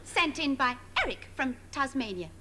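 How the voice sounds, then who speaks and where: An actress playing a sing-song, condescending children's TV presenter with barbed asides. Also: female voice, high-pitched, lively intonation, moderate pace, sharp tone, slight background noise. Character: sugary sarcastic woman kids' TV presenter.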